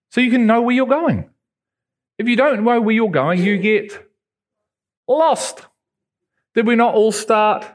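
A man from England, preaching a sermon and telling stories with sudden high jumps in pitch. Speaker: pastor.

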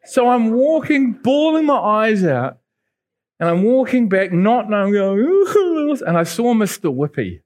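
A man delivers a sermon as an animated storyteller. His voice sits a little on the high side and swings widely in pitch, jumping high at the dramatic moments. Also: a little slow. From England. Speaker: pastor.

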